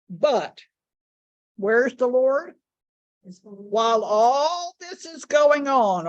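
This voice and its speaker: A woman teaching a Bible study lesson, speaking deliberately and repeating key words for emphasis. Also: medium pitch, muffled recording.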